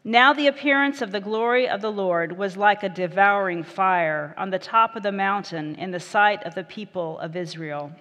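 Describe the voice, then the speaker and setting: A woman pastor reading scripture and preaching a sermon, in a measured, gentle way. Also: medium pitch, big-room sound, dull audio.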